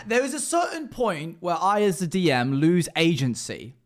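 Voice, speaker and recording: A man's voice: sits high, sing-song, moderate pace, few pauses. A man streaming live as a dungeon master, chatting emotionally and rambling as he reacts to chat. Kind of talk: casual livestream chat.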